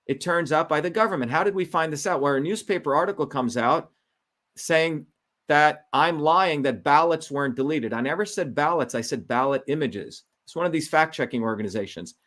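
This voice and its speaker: A man's voice: a little high, lively intonation, moderate pace, a bit bright. A middle-aged man, a Senate candidate, telling his story in an indignant, emphatic way and repeating his key points. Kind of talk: impassioned political monologue.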